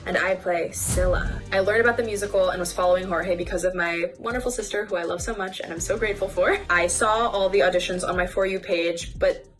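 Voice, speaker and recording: A woman's voice: fairly low pitch, fairly even intonation, a little fast, hardly any pauses, faint music behind. A woman in a musical's cast recounting how she auditioned, earnest, grateful and chatty. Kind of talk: interview recollection.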